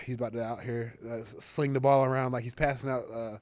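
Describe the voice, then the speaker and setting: Young man, football player, casual interview, rambling, fillers and restarts, middle pitch, dry close sound. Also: normal speed, no echo. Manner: relaxed, rambling, lots of fillers and restarts, laughs easily.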